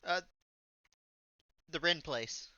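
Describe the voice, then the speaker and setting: A man's voice: on the high side, drawn-out words, sharp tone, no echo, lo-fi sound. A man running a tabletop role-play game as game master, laid-back and saying "y'all".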